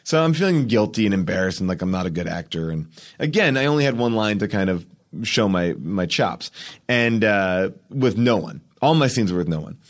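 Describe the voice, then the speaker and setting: A man with a fairly low voice tells anecdotes as a podcast guest. He is animated and acts out the dialogue, slipping into other people's voices. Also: brisk. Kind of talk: casual anecdote telling.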